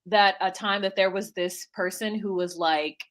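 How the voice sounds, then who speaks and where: A young woman co-hosting a podcast, recapping a reality show in animated, blunt casual chat and acting out what people said. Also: medium pitch, moderate pace. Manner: animated, blunt and swearing, acts out quotes. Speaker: podcast co-host.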